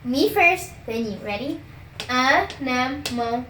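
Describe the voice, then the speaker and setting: A young woman in a comedy sketch, playing a teacher who spells out words slowly with exaggerated patience. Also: high voice, expressive, pushed and bright, reverberant, a little hiss or hum. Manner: exaggerated, patient-then-exasperated teacher delivery, stretches out words.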